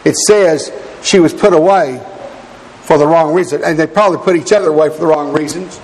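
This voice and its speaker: A man's voice: on the high side, brisk, a little mellow, in a large hall, poor audio. A man preaching a sermon, telling personal stories and urging the congregation earnestly. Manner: earnest, exhorting, addresses congregation as brethren. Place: church.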